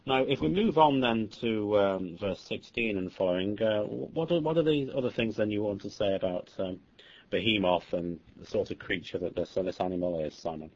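Guy hosting a podcast, lowish voice, lots of uhs, kinda dull lo-fi sound. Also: normal speed. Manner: hesitant, many fillers. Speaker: podcast host. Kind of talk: casual religious podcast chat.

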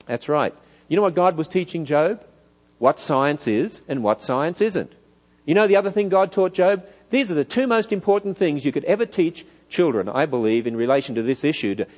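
A middle-aged man with an Australian accent, preaching in a church hall, lively and full of rhetorical questions. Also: on the high side, brisk, highs cut off. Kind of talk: church lecture.

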